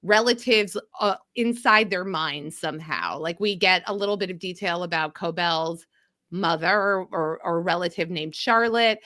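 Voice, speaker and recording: With a lowish voice at a moderate pace, this mid-Atlantic woman hosts a podcast in a clean studio setting free of echo. She's animated and laughs as she talks casually, spinning out a long theory.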